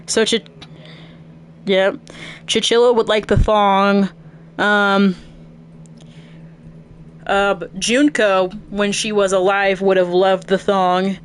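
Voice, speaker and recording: A woman casually talking her way through a video game stream, chatty and thinking aloud as she plays. Her pitch sits in the middle, and a faint background hiss runs underneath. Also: flat delivery, takes it slowly, pauses often.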